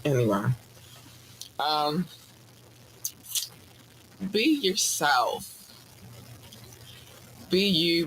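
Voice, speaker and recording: A podcast host rants casually in a loose, profane, animated style, framing it like a mock sermon with preachy asides. His voice is a little high. The rough recording carries a little hiss or hum.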